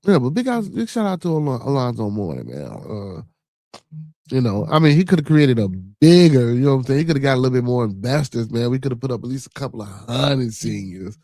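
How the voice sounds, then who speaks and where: A podcast host with a Chicago accent talks in a mellow, mid-range voice that swings widely in pitch, moving a little fast with no room sound. His loose, streetwise chat reacts to news and live comments, packed with "you know what I'm saying" and swearing.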